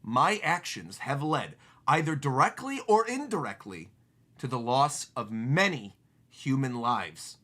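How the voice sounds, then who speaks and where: A man's voice: medium pitch, sing-song, sharp tone, exaggerated voice. A man reading as a grave, remorseful old scientist. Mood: solemn. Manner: slow, solemn reading of dialogue. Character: elderly male genius scientist, grave and remorseful.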